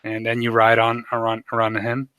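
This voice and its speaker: A man running a tabletop game, rambling along with lots of fillers. His voice is bright and forward, recorded close and dry. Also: medium pitch, completely flat delivery, moderate pace, smooth, no room sound. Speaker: game master.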